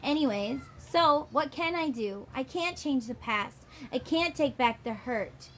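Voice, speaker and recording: A woman's voice: high voice, expressive, a little hiss or hum. A woman giving a channeled tarot reading to her viewers, musing aloud and dropping into acted quotes. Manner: drawn-out, musing delivery that dips into acted quotes. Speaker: tarot reader.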